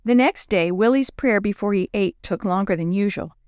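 A woman narrating a children's Bible story in a clear, expressive storybook manner. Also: medium pitch, normal speed, dry recording, studio quality.

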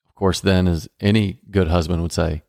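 A man's voice: low-pitched, steady tone, moderate pace, gravelly, a little mellow, no echo, clean studio sound. A man co-hosting a casual marriage podcast, upbeat and playful, acting out little dialogues as he explains. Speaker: podcast co-host. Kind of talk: casual marriage advice chat.

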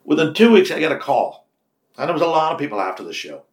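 An older Irish man, a radio host, telling long anecdotes in an interview and acting out the dialogue with lively swings in his voice. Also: quick pace. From Ireland. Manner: lively storyteller, acts out quoted dialogue with big pitch jumps. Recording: roomy echo.

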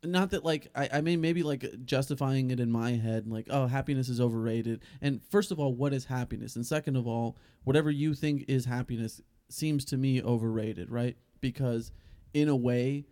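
A young man co-hosting a podcast, talking in halting, hesitant casual chat with wry asides. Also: mid-range voice, mellow, no room sound, clean studio sound. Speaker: podcast co-host.

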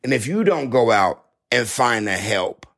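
Gravelly-voiced man, passionate and earnest. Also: medium pitch, sing-song, measured pace, a bit bright. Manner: passionate, repetitive, preacher-like emphasis. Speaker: speaker on men's issues. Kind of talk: earnest motivational talk.

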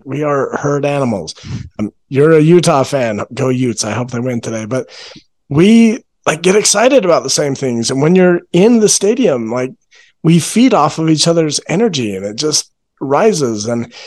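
A man's voice: medium pitch, a little mellow. Earnest man explaining parenting ideas. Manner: earnest, explanatory, slows down to stress points. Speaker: parenting coach. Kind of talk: casual podcast chat.

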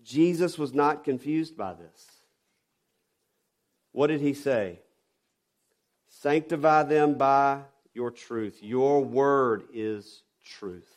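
A pastor preaching a sermon, emphatic, with rhetorical questions and swings from loud stresses to quiet drops. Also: male voice, mid-range voice, slow pace, long pauses.

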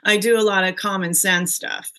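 A middle-aged woman talking as a podcast guest, animated and storytelling, with a bright, forceful tone. She slips into acted-out dialogue as she recalls parenting moments, at an ordinary middle pitch. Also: normal speed. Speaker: guest, mother of the host; parent who also coached youth sports. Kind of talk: casual podcast conversation.

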